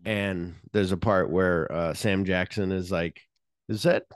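A man's voice: sits low, measured pace, no echo, clean studio sound. A man hosting a podcast, casually recapping a film's scenes with lots of swearing. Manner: animated scene retelling, frequent swearing. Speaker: podcast host. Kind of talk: casual movie-discussion chat.

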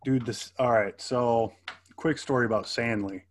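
A man in casual conversation, telling old army stories with animated acted-out quotes and frequent laughter. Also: mid-range voice, measured pace, slight background noise. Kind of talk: casual storytelling chat.

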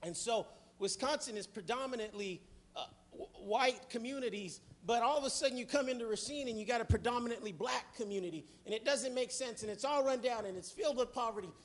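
A middle-aged man preaching a fervent sermon, often rising to shouts and then dropping low. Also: fairly quick.

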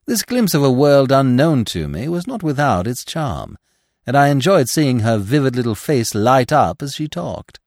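Expressive male audiobook narrator. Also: medium pitch, no room sound, clean studio sound. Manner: expressive storytelling. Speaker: podcast host and reader.

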